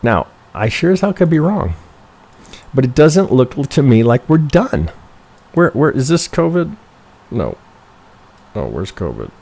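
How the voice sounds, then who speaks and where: A trading educator reviews member charts on a live stream, his mid-range voice gravelly and mellow, swooping wildly in pitch. He speaks a little slowly and pauses often, thinking aloud in a rambling, casual way. He swears, constantly corrects himself, and keeps asking "right?"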